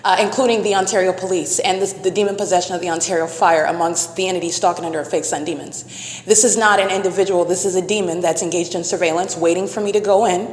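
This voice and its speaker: A woman's voice: on the low side, fairly even intonation, quick pace, breathy edge. A woman vlogger talking into her phone outdoors by a parking lot, in an accusatory, insistent and repetitive monologue. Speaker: vlogger documenting her surroundings. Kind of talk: rapid recorded monologue addressed to the camera.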